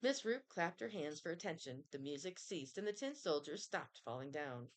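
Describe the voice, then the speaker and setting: A woman reading a children's chapter book aloud in an expressive storytelling manner. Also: low voice, normal speed. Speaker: reader.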